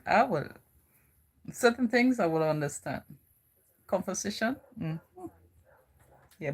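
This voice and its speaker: Low-voiced Virgin Islands woman rambling. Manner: rambling, lots of "you know". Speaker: vlogger. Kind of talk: casual chat.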